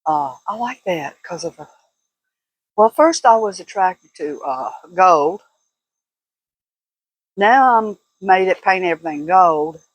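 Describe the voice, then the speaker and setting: A woman's voice: fairly low pitch, animated, slow, long pauses, husky, no echo, highs cut off. An older woman chatting casually to camera as a vlogger, laughing often in a folksy way. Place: at home, walking indoors and out.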